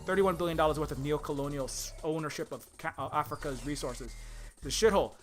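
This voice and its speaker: A man, an indie game developer, delivering an angry, profane political rant with frequent stumbles and repeated words. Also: fairly high pitch. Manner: angry, profane, rapid-fire ranting with stumbles.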